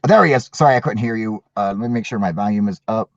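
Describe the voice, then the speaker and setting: A man's voice: fairly low pitch, quick pace, dry recording, highs cut off. A man hosting a casual livestream, joking crudely and swearing a lot. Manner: crude, profane, jokey. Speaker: channel host. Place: at work.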